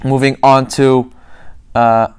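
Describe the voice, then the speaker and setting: A man's voice: medium pitch, level tone, slow, clean tone. A man teaching a lesson, explaining step by step, repeating words and demonstrating each sound himself. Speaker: tajweed teacher. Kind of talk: classroom lesson.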